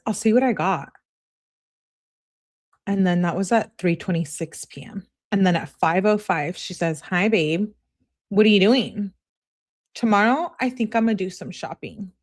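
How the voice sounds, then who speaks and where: A woman host reading text messages aloud and commenting on them in a sassy, casual way, often laughing and talking back. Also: medium pitch. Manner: sassy, laughs and talks back to what she reads.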